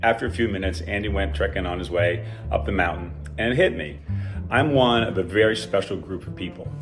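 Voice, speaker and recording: Low-voiced older man telling a wry story. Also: brisk, music in the background. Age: 60s. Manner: dry, self-deprecating storytelling. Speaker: alumnus telling a personal story. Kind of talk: scripted personal story reading.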